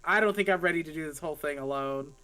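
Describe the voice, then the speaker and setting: A woman's voice: deep voice, fast talker, fairly bright tone. A woman casually chatting while playing a video game on stream, laid-back and self-deprecating. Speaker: co-host streamer. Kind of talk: casual gaming chat.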